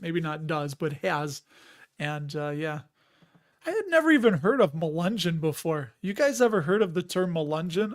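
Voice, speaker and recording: A man in his fifties hosting a casual investing livestream. He jokes, laughs often, and rambles while answering viewer comments. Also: on the high side. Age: 50s. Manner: chatty, jokey, laughs often, rambling asides. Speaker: host of a dividend investing livestream.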